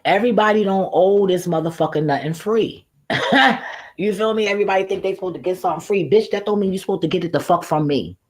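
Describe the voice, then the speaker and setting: A man's voice: sits high, fast, poor audio. A man hosting a livestream, telling a story casually in a blunt, profane, laughing way. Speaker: livestream host. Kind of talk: casual storytelling to a live audience.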